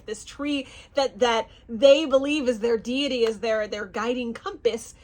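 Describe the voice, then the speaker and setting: High-voiced animated woman reviewer. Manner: animated, restarts words, stumbles over names, avoids cursing. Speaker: fantasy series reviewer. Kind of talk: casual reaction review.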